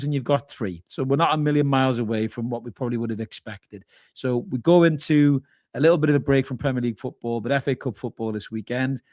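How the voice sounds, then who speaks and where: A man's voice: mid-range voice, no echo, studio quality. Chatty man hosting a live fan reaction. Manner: chatty, informal, calls viewers mate. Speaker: fan channel host. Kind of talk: live match reaction, reading chat comments.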